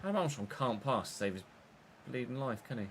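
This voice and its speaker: A young man streams his football career game, talking casually over the action. He jumps from loud bursts at goals to low, half-muttered asides. A faint background hum sits under his voice. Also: a little fast. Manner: chatty, swings between excited shouts and muttered asides. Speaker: gaming streamer. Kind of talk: live game commentary.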